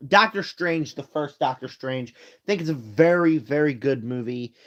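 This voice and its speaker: A man hosts a casual live stream from his room, rambling through movie rankings while tired and yawning. His voice sits a little high and comes through dull, lo-fi phone audio. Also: moderate pace. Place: home room.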